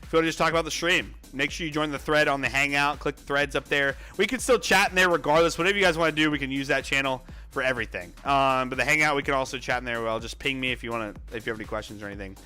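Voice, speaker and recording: A bright-voiced man hosts a trading livestream, rattling off viewer names with bursts of excitement. He sounds winded, as if out of breath. Faint music plays behind him. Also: mid-range voice, smooth. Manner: energetic, reads viewer names rapidly, excitable outbursts. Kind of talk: casual livestream chat.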